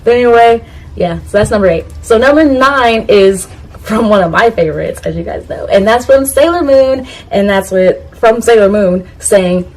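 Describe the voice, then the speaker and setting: A woman's voice: on the high side, expressive, moderate pace, a little mellow, low-quality recording. A woman vlogging to camera in a casual, rambling way, laughing at herself and talking straight to her viewers. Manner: talks straight to her viewers, asks them to comment. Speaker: YouTuber ranking anime catchphrases.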